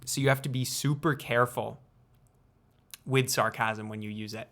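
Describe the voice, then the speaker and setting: A playful young man explaining at an unhurried pace. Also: mid-range voice, fairly even intonation, a bit bright. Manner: playful, unhurried, with deliberate pauses. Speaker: student video creator. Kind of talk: casual explanatory vlog.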